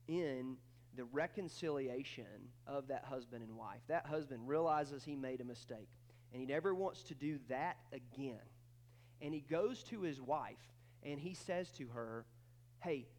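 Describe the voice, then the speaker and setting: A man preaching a sermon with emphatic swings between loud, high bursts and quiet, low stretches, often repeating words as he starts a thought. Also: unhurried. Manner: acts out quoted voices in dialogue. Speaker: pastor.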